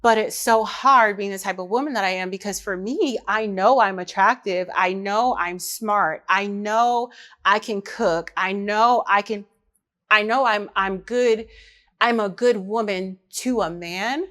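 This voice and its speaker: A woman's voice: mid-range voice, unhurried, a bit bright. A woman, chatting candidly and directly to her viewers. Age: 30s. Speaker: vlogger. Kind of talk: casual chat to camera.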